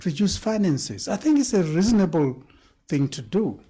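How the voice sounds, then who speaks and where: A man answering a question on a panel, deliberate and emphatic, sometimes repeating words. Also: high-pitched, big pitch swings, mellow, breathy edge. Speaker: panel speaker at a public event.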